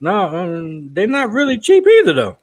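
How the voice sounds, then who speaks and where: A man's voice: high-pitched, wildly swooping pitch, moderate pace, a crowd in the background. A man hosting a casual online car talk, easygoing and joking as he steers the panel. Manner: laid-back, joking, moderates the panel. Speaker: host. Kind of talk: casual group discussion.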